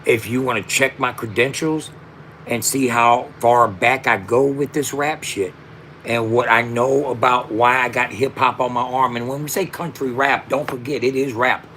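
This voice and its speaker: A man's voice: mid-range voice, steady tone, moderate pace, a bit bright, a little hiss or hum. Emotional, emphatic rapper in his fifties. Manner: emphatic, repetitive, street slang, emotional. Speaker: rapper and platform founder. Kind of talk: heartfelt direct-to-camera monologue.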